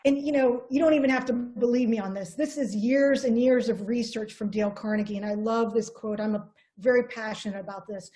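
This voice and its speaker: Woman, fairly high voice, earnest coaching style, motivational sales trainer. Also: fairly quick, few pauses, warm tone. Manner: earnest, coaching, repeats herself. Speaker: network marketing trainer.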